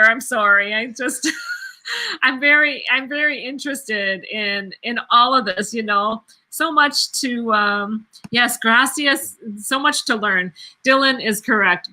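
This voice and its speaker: A woman's voice: fairly high pitch, bright, forceful tone, poor audio. A middle-aged woman hosting a casual livestream, chatting and reading out viewer comments with lots of fillers and frequent giggles. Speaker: host of a cruise livestream.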